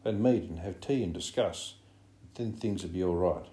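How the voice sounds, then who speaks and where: A man's voice: low-pitched, moderate pace, mellow, natural voice. A man reading an audiobook, voicing an anxious, fussy schoolboy who pleads earnestly. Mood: wistful. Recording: roomy echo.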